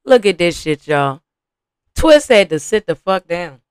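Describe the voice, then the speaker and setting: A woman's voice: on the low side, unhurried, clean tone, no room sound. A young adult woman, hosting a podcast and giving casual, profane reaction commentary while talking straight to her viewers. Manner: animated, profane, talks to viewers as y'all. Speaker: podcast host reacting to a reality show.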